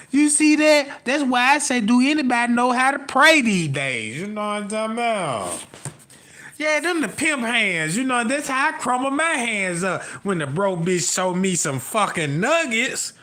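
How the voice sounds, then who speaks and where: A man's voice: high voice, pushed and bright. A man giving a rambling, profane comic monologue on a live stream, constantly asking "you know what I'm talking about".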